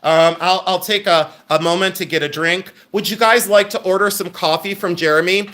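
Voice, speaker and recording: A middle-aged man hosting a live-stream sale, reading out viewer names and orders and making quick asides to his helpers. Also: sits high, steady tone, pushed and bright. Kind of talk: live-stream selling chat.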